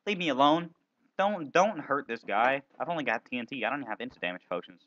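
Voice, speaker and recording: A man playing a video game and commentating, excitable, playful, often yelping and exclaiming. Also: mid-range voice, quick pace, no room sound, muffled recording. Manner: silly, playful banter at other players. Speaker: gaming video host.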